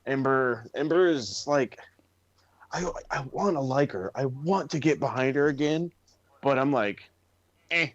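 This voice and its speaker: A man's voice: mid-range voice, measured pace, no echo, muffled recording. A man co-hosting a wrestling podcast in casual chat, ranting with lots of swearing. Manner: profane, ranting, animated.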